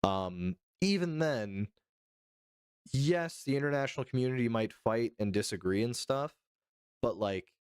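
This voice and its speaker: A man's voice: medium pitch, animated, measured pace, clear, resonant tone, no room sound, clean studio sound. A man from the United States chatting casually on a live stream, joking with a lot of swearing and answering his chat.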